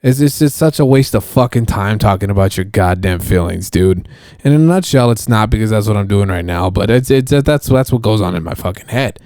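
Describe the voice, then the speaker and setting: A man's voice: lowish voice, expressive, brisk, warm tone, no room sound, clean studio sound. A young man hosting a podcast alone, rambling casually and swearing constantly, with lots of restarts. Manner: profane, rambling, many restarts. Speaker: podcast host.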